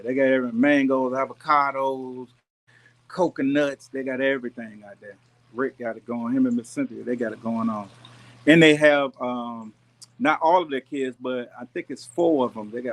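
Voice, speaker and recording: A man hosting a gardening channel, chatting casually and directly with viewers on a live stream in a relaxed, folksy way. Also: mid-range voice. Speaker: YouTube gardening channel host. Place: rented house with pool and jacuzzi. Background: pool and jacuzzi noise.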